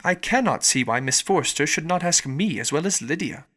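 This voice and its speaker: A man's voice: on the high side, lively intonation, moderate pace, pushed and bright. A male narrator voicing a sulky teenage girl who complains in a whiny tone. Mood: peevish.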